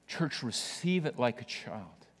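A man's voice: medium pitch, big pitch swings, unhurried, breathy edge, big-room sound. A male pastor preaching a sermon to his church, telling a story with playful asides to the congregation.

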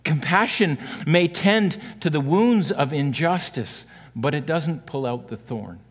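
A man preaching a sermon earnestly, swinging between loud emphatic peaks and quiet, hushed lows. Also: expressive, a little slow, husky. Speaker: pastor. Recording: long hall reverb.

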